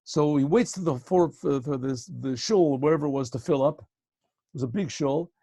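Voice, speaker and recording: A male rabbi telling a story to a class over a video call, conversational and often clearing his throat. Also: on the high side, moderate pace, mellow, no room sound.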